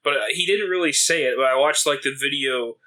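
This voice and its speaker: Chill podcast guy, bright voice, kinda repeats himself. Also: a little high, fairly quick, low-quality recording. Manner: laid-back, repeats himself. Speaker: podcast co-host. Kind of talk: casual chat.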